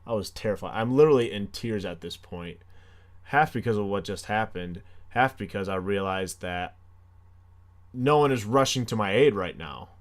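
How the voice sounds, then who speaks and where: A man's voice: lowish voice, expressive, normal speed. A young man hosting a comedy podcast, telling a story animatedly with self-mocking sarcasm. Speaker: podcast host. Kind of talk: comic storytelling.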